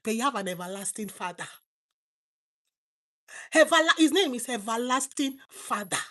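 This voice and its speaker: Middle-aged Nigerian woman preacher with a raised pitch. Fervent, with loud bursts and quiet asides. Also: animated, normal speed. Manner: fervent, swinging between loud exclamations and low asides. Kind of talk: sermon.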